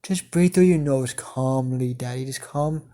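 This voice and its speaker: A man voicing a sadistic young woman avenger who speaks in a soft, cooing, eerily soothing way. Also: medium pitch, unhurried, close to an everyday voice.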